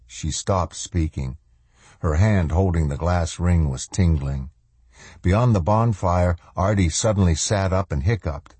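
A man narrating a novel as an audiobook reader in an even, measured way. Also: low-pitched, husky, no room sound. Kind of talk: scripted narration.

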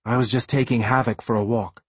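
A man's voice: medium pitch, fairly even intonation, fairly quick, breathy edge, no room sound, lightly acted. A man narrating a storybook voices an earnest young schoolboy in a plain, understated way.

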